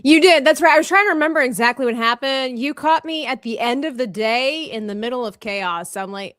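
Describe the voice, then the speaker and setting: A woman's voice: high-pitched, brisk, few pauses, fairly bright tone, dry recording, clean studio sound. A woman hosting a casual livestream art party, chatting, laughing and reading comments from the chat aloud. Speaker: livestream host.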